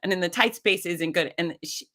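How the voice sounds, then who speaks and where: A woman's voice: lowish voice, moderate pace. A middle-aged woman, a podcast guest, telling a personal story in conversation and acting out the voices she quotes. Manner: animated, acts out quoted voices.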